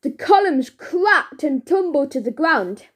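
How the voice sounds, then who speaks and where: A woman narrating a children's storybook in an expressive, deliberate way. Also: high-pitched. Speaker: audiobook narrator.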